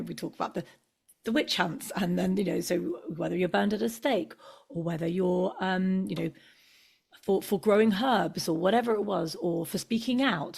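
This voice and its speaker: A woman hosting a spiritual interview, talking in a halting way with many restarts and fillers. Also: fairly low pitch, gravelly, a little mellow, breathy edge. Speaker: podcast host. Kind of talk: casual spiritual interview chat.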